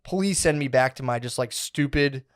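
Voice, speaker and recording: A man co-hosting a comedy podcast, telling a long rambling story in an animated way, full of swearing and filler words. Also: medium pitch, moderate pace. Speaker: podcast co-host.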